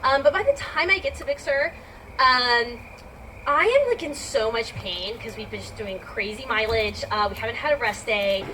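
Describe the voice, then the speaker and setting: A woman's voice: fairly high pitch, animated, normal speed, bright, forceful tone. A woman telling a personal story to a live audience in a chatty, filler-heavy way. She laughs often and acts out her own reactions. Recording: distant mic with background noise.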